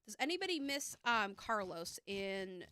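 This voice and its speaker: A woman's voice: medium pitch, very animated, a little slow, pushed and bright, clear, resonant tone, no echo. A woman giving a live tarot reading, chatty and upbeat, with lots of fillers, speaking close to a streaming mic.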